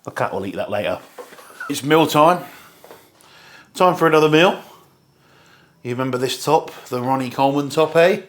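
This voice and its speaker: A man's voice: medium pitch, animated, normal speed, long pauses, a bit bright. A young man vlogging casually about his meals, chatty and rambling, with casual swearing. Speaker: fitness vlogger. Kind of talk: casual chat to camera.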